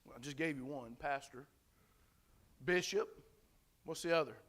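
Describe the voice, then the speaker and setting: A man's voice: a little high, a little fast, fairly bright tone. A pastor preaching a sermon to his congregation in a loose, conversational way, with many fillers and restarts, and putting questions to the listeners.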